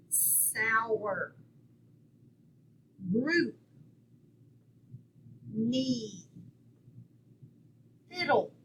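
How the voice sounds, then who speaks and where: A woman teaching a phonics lesson, walking through a worksheet and sounding out each word clearly and patiently. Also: a little high, a little hiss or hum, rough recording. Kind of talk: classroom lesson walkthrough.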